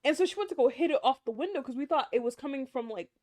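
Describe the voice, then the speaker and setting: A woman's voice: high-pitched, expressive, racing, darkish tone. A young woman co-hosting a podcast, telling a story in casual chat and acting out the quotes with big jumps in her voice. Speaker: podcast co-host.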